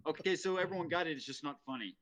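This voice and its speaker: A man on a casual stream chat, slowly building up a pun joke with many ums and restarts. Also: on the high side, a bit bright. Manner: hesitant, full of ums and restarts.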